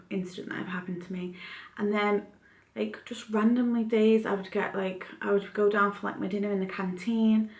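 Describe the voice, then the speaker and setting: A woman's voice: medium pitch, gravelly. A young woman telling a personal story in a rambling, casual vlog, with lots of fillers and restarts. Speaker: vlogger. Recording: echoey room.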